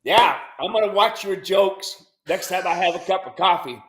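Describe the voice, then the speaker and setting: A man's voice: high voice, normal speed, fairly bright tone. A man who owns a ranch, talking casually as a regular guest on a video call, telling stories in an easygoing, plain-spoken way. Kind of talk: casual conversation. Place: room at home with windows. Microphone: computer over a video call. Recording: roomy echo with faint music.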